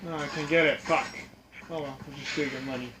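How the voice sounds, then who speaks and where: A man casually commenting while playing a video game, reacting out loud and swearing often. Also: on the high side, steady tone, a little fast, very noisy. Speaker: gamer. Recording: game music behind.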